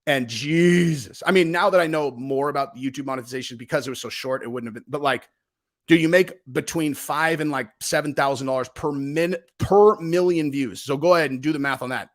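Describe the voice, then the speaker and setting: A man's voice: medium pitch, a little fast. A man hosting his own channel, casually telling a story with lots of swearing and acted-out quoted dialogue. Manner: profane, animated, acts out quoted dialogue. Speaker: host.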